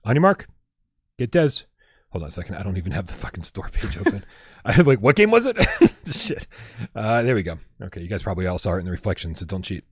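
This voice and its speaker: A man co-hosting a casual livestream chat, talking with excitable energy and swearing freely. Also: deep voice, fast, husky, no room sound, clean studio sound. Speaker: podcast co-host.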